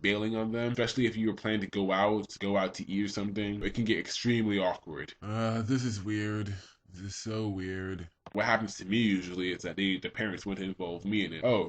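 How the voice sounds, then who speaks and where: A young man in a casual comedic monologue, acting out both sides of his own exchanges in raised voices. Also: fairly low pitch. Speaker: vlogger.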